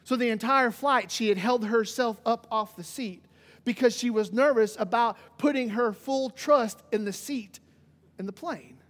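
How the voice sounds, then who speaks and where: Man, pastor, very high voice, animated sermon, long hall echo. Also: measured pace. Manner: animated, swings from loud emphasis to hushed.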